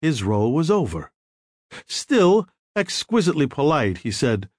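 Measured male audiobook narrator. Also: a little high, big pitch swings, no room sound, clean studio sound.

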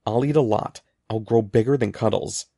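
A man's voice: on the low side, moderate pace, vocal fry, warm tone, dry recording, clean studio sound. A man reading the lines of an anxious, determined schoolboy in an urgent, earnest way.

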